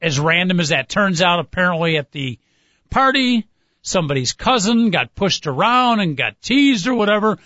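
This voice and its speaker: Man, talk radio co-host, steady earnest storyteller, dry lo-fi audio. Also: sits high, normal speed, no echo. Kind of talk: sports talk radio chat. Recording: dull lo-fi, dry.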